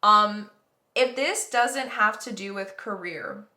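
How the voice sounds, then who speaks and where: A woman's voice: medium pitch, animated, takes it slowly, pushed and bright, echoey room. A woman giving a casual tarot reading to viewers, rambling and reassuring with lots of fillers. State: yawning, tired. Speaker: tarot reader.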